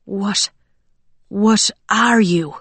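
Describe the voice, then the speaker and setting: A woman's voice: medium pitch, slow pace, slightly rough, no echo. A woman narrator voicing a young royal guard, shaken and stammering as he gets his words out. An audiobook character with a nervous edge. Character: young male royal guard, startled and rattled.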